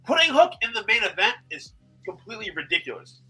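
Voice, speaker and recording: A man co-hosting a casual wrestling podcast, adding short, quick remarks. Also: sits high, big pitch swings, sharp tone, breathy edge, soft background music. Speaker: podcast co-host.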